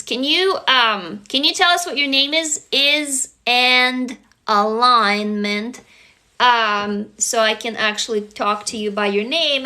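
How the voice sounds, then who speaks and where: A woman from Russia, hosting a casual livestream chat, gushing and excitable, swearing freely. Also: on the high side. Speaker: livestream host.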